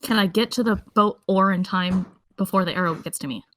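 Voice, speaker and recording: A woman playing a character in a tabletop game, chatty and quick to giggle. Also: mid-range voice, fairly bright tone. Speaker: player. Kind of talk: casual tabletop game play.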